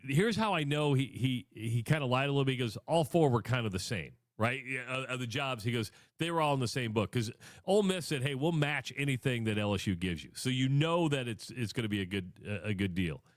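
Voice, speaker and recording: A man co-hosting sports talk radio in a relaxed, conversational way. He hedges his opinions and weighs each point, and his voice sounds dry and close to the mic. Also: mid-range voice, no room sound. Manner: measured, conversational, hedging. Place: radio studio.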